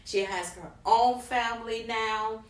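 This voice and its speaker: A middle-aged woman vlogger, an animated storyteller speaking straight to her viewers. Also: on the high side, a little slow. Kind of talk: personal story time. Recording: roomy, from a distance.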